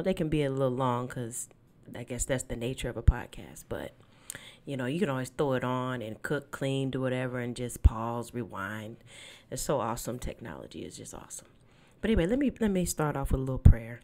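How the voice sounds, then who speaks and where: A woman with a low, deep-set voice hosts a Christian podcast from her desk at home late at night. Her talk is relaxed and chatty, and when she prays it turns soft and reverent. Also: brisk. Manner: relaxed and chatty, turning hushed and devout in prayer. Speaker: podcast host. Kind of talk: casual faith podcast chat with spoken prayer.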